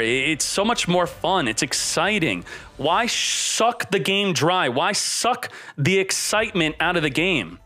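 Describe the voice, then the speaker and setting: A man's voice: high voice, sharp tone. A man giving a card game banlist reaction, ranting and mocking with sudden outbursts. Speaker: card game content creator.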